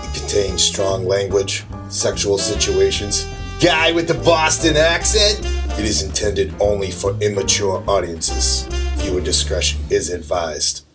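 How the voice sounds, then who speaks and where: A man reading a mock viewer warning in a deadpan announcer voice. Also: lowish voice, unhurried, music in the background.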